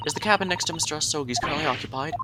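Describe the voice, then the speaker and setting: A man voicing a gentle, curious young woman assistant who speaks softly and politely, with a noisy hiss behind. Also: a little high, very fast, voice pushed up, close to an everyday voice.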